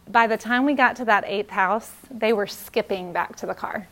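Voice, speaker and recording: A woman in her thirties giving a casual, earnest church talk on parenting, with many fillers and restarts. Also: medium pitch.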